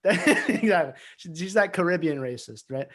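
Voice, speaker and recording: A young man with a somewhat high-pitched voice talks casually on a podcast. He tells stories loosely, laughing often and swearing now and then. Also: animated, a little fast. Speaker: podcast co-host. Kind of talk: casual chat.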